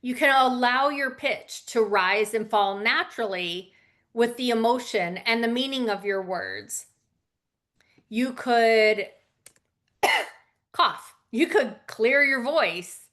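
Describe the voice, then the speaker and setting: A woman's voice: a little high, expressive, slow pace, a bit bright. A woman teaching a casual lesson on public speaking, conversational with fillers and asides.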